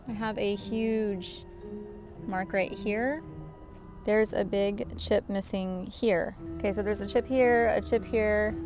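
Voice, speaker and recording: A chatty woman talks casually and with exasperation on a camera mic outdoors. Her voice sits in a middle pitch, with faint music behind. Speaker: vlogger. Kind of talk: casual vlog. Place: outdoors beside her car.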